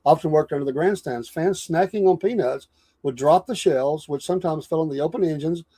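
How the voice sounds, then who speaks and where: A man's voice: a little high, brisk, dark tone, husky. A man hosting the show, thanking guests earnestly and repeating his thanks. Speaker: show host.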